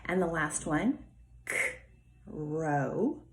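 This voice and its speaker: A woman teaching a remote phonics lesson, sounding out words slowly and clearly and praising her pupils. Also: low-pitched, animated. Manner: slow, clearly enunciated, encouraging teacher talk.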